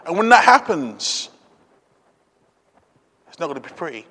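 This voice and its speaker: A man preaching a sermon, swinging between loud urgent appeals and quiet, low asides. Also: very animated, a little slow, pauses often, slightly rough, long reverb tail.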